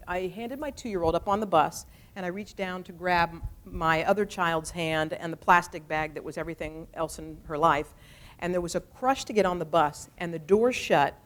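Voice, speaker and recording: A woman in her forties giving a talk, telling stories in a lively, animated way and acting out the people she quotes. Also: lowish voice. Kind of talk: storytelling speech.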